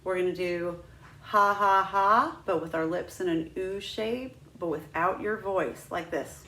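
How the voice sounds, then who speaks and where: A woman's voice: on the low side, normal speed, reverberant, slight background noise. A woman teaching a flute lesson, patient and demonstrative, walking students through each step. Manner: patient, demonstrative, breaks into sung "ha ha" drills. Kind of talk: instructional lesson.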